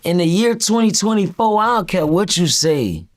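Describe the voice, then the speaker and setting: A man's voice: high voice, sing-song, normal speed. A man, a rapper guest in an interview, talking in a laid-back, slangy way. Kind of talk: casual interview chat.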